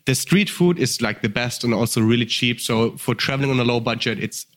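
Excitable man rambling with filler words. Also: medium pitch, brisk. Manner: enthusiastic. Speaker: podcast guest. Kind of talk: casual storytelling chat.

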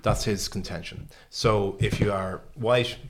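Low-voiced Irish man musing aloud. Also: steady tone, measured pace, background noise. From Ireland. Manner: thoughtful, frequent restarts. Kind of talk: casual discussion.

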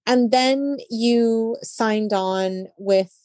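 A woman's voice: mid-range voice, steady tone, normal speed, darkish tone, no echo. A woman hosting a podcast interview, asking long friendly questions. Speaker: podcast host.

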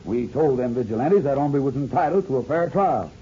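An actor playing an agreeable outlaw henchman with a husky voice and western drawl, in a 1950s radio drama. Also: mid-range voice, lively intonation, brisk, warm tone. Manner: western drawl, echoing his partner. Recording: dull lo-fi old radio broadcast.

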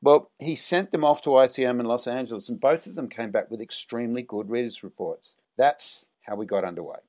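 A middle-aged Australian man, a film director, telling animated anecdotes in an interview and jumping up in pitch for quoted lines. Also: a little fast. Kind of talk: storytelling interview.

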